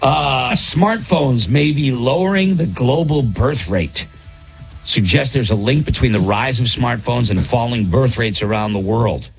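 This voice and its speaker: A man's voice: mid-range voice, unhurried, vocal fry, faint music behind. A man hosting a casual morning radio show, rambling along in an easygoing way with plenty of fillers.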